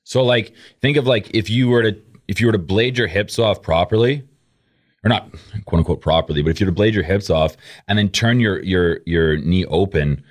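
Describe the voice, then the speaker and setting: A man with a low voice co-hosts a casual podcast chat. He walks through fight technique at length, thinking out loud and leaning on "like" as a filler. His delivery is loose and conversational. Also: moderate pace. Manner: explains at length, fills talk with "like". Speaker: podcast co-host.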